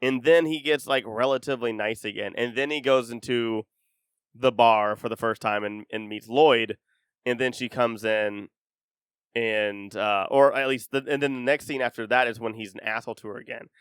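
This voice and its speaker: A man's voice: mid-range voice, steady tone, moderate pace, fairly bright tone, clean tone, dry recording, clean studio sound. A man co-hosting a podcast, rambling through a casual film discussion with lots of "like". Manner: rambling, heavy use of "like". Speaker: podcast co-host.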